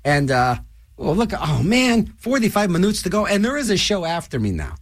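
Rambling, animated older radio DJ. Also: male voice, normal speed, dry recording, clean studio sound. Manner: animated, rambling, jokey, restless pitch swings. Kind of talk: rambling radio host chat. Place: radio studio.

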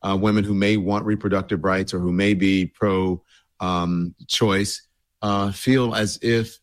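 A man's voice: deep voice, steady tone, unhurried, no echo. Man with a scratchy throat hosting a stream. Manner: loose and rambling, many fillers. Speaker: show host. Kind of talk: casual address to a livestream audience.

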